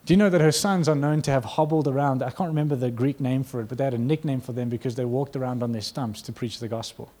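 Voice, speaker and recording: A man preaching a sermon in a mid-pitched voice. He tells the story with animated energy and acts out the quotes. He laughs now and then. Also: fast talker, few pauses.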